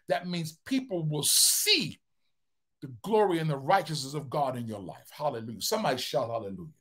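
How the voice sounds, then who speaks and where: A man's voice: a little high, lively intonation, a little fast, fairly bright tone. A middle-aged male pastor preaching a sermon with emphatic, repeated declarations.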